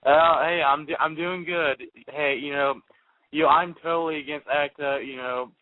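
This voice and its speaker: A man calls into a radio show, easygoing and loose, padding his talk with filler words. His voice sits slightly high and sounds dry and close over a thin phone line. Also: fairly even intonation, moderate pace, dry recording. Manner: casual, filler-heavy, loose. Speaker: caller.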